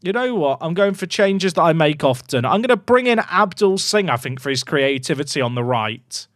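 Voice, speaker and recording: Animated man calling a football game. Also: a little high, normal speed, no echo, clean studio sound. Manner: animated, swings from muttering to excited shouts. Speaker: gaming streamer. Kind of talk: live game commentary to chat.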